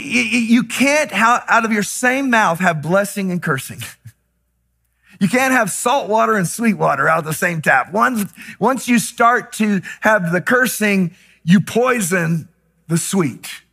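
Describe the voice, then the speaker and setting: A man preaching a sermon with passion, moving from hushed, slow lines to loud, shouted declarations. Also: high voice, lively intonation, vocal fry, breathy edge. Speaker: pastor.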